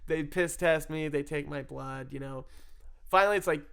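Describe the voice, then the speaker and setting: A man with a somewhat high, gravelly voice tells a story about his own past in a loose, rambling way. He swears freely and breaks into laughter between phrases. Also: moderate pace, a bit bright. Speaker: storyteller recounting his addiction. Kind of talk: casual first-person storytelling.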